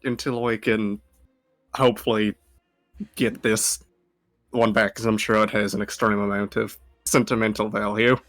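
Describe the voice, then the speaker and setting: A man's voice: on the low side, little pitch movement, normal speed, pauses often, fairly bright tone, dry recording, soft background music. Hesitant man at a game table. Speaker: player. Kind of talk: casual role-play.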